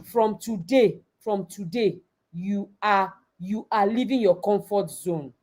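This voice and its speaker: A woman's voice: mid-range voice, takes it slowly, very noisy. A woman giving an emphatic motivational talk as a coach to an online audience of girls, repeating her key phrases. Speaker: coach and summit speaker.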